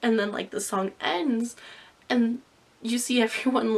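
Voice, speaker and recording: Emotional young woman vlogger, higher voice. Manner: emotional, earnest, rambling with "like" fillers. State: tearful. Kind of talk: reaction vlog rant.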